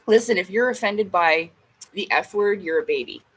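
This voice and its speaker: Husky-voiced woman ranting bluntly. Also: medium pitch, normal speed, a bit bright, rough recording. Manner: blunt, heavy swearing, emphatic. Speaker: vlogger. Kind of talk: casual ranting vlog.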